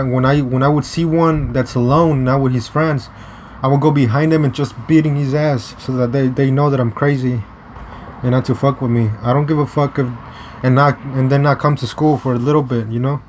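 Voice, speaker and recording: A man's voice: medium pitch, fairly even intonation, darkish tone. Young american guy rambling thru a story, lots of restarts and cussing, bit of hiss behind. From United States. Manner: rambling, halting with many restarts and fillers; profane, blunt. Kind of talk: casual storytelling vlog.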